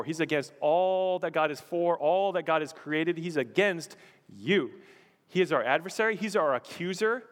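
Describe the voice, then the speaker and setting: A man's voice: a little high, fairly bright tone, long reverb tail. A male pastor preaching a sermon in an emphatic, repetitive style. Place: church.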